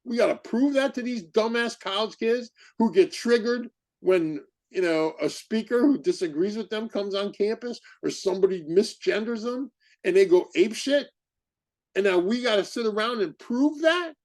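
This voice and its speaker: A man hosting a podcast, giving heated, indignant commentary full of rapid rhetorical questions. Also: sits high, lively intonation. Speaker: podcast host. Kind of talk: impassioned commentary.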